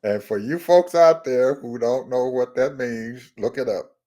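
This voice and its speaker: A man's voice: mid-range voice, a little slow, warm tone. A man co-hosting a casual political chat, speaking in a wry way with short laughs between remarks. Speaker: co-host.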